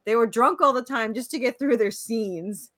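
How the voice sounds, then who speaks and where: Laughing frequently and letting sentences fade out with fillers, this middle-aged podcast co-host keeps the conversation casual. She speaks at a normal speed in a higher, fairly bright voice, with no room sound.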